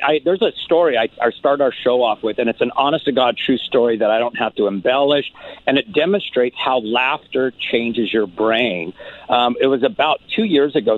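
A man who does stand-up comedy, telling an animated story and acting out his own lines in a higher voice. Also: no echo. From California. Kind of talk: podcast guest storytelling. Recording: tinny phone-like line.

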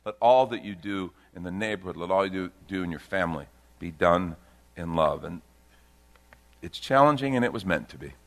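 A man's voice: sits low, lively intonation, normal speed. Man preaching with big dynamic swings. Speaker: pastor. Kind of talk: sermon.

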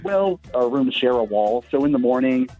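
A man's voice: medium pitch, expressive, normal speed. A man calling in to a radio show and telling an amused story about his roommate. His line sounds dull and muffled, with music faint behind him. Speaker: caller. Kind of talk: phone-in story.

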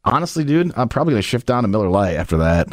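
A man's voice: medium pitch, sing-song, very fast, no echo. A man hosting a casual podcast, chatting and rambling animatedly with his co-host. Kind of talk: casual chat.

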